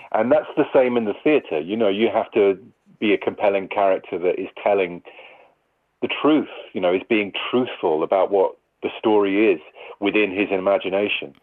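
Low-voiced man on a tinny line. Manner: thoughtful, rambling with many restarts and fillers. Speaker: actor, interview guest. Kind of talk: conversational interview.

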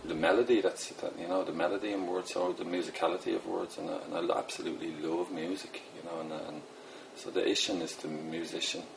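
Middle-aged Dublin poet, very low voice, casual and self-deprecating, noisy background. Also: male voice, flat delivery, quick pace, creaky, hardly any pauses. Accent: Dublin Irish. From Ireland. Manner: rambling, self-deprecating, many fillers. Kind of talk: casual interview talk.

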